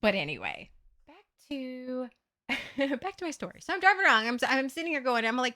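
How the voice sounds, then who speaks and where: A woman streamer chatting casually to her audience, candid and often profane as she talks. Her voice sits a little high and swings widely in pitch. The tone is bright and forceful. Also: sing-song, fairly quick. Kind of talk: casual livestream chat.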